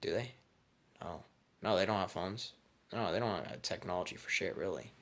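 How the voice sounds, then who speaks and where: A man's voice: low-pitched, moderate pace, a bit bright. A young man vlogging, telling a comedic story in crude, rambling slang.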